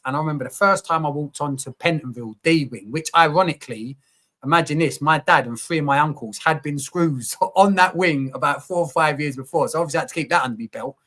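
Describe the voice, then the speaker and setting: A man telling his story in a candid conversation, open and animated, full of slang and the odd swear. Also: fairly high pitch. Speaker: podcast guest, coach.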